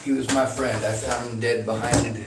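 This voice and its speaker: Man, mid-pitched, rambling and aggrieved, speaking into a phone during a live call, faint hiss behind. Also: little pitch movement, moderate pace. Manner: rambling, aggrieved, talks in long runs. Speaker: activist reporting on police. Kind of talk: casual phone conversation, livestreamed.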